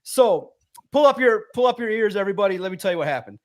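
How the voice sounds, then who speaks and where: A man with a high-pitched voice tells a story on a sports podcast in a casual, energetic way. He talks like he's hanging out with friends, lively and animated. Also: fast. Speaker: podcast guest, sports publisher.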